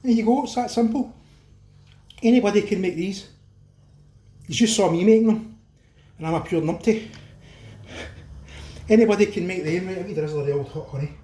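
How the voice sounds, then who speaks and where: A man's voice: high voice, a little fast, pauses often, dark tone, echoey room. A Scottish man hosting a casual cooking vlog, chatting to viewers as folks and talking with his mouth full while he tastes. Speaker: cooking channel host.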